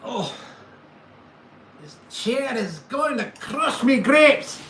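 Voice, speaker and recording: A man voicing a blustering Scotsman, loud, jokey and drawn out. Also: very high-pitched, lively intonation, extremely slow, slight background noise, pitched above the performer's own voice, full character voice. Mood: blustery. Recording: echoey room with faint ambience.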